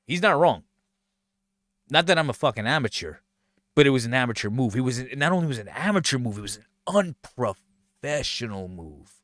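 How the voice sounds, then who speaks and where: A man giving casual, heavily profane commentary while watching match footage, sarcastic and animated, acting out what others said. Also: medium pitch, fairly quick, no echo, studio quality. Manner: animated, sarcastic, swears a lot, acts out quotes. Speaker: show host recounting backstage story.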